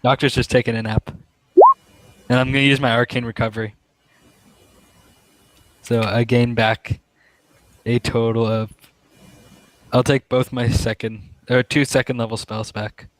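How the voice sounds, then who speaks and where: A man playing a tabletop game, talking quick and matter-of-fact. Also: mid-range voice, level tone, background noise. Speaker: player.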